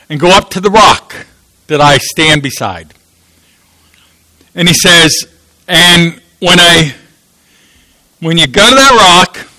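Bright, lively-voiced man preaching. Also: high-pitched, no echo, rough recording. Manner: storytelling, asks the audience questions. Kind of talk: sermon.

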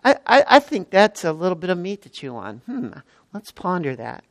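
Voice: medium pitch, very animated, normal speed, no echo. A preacher in their sixties delivering a sermon, stressing and repeating key words with frequent exclamations. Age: 60s.

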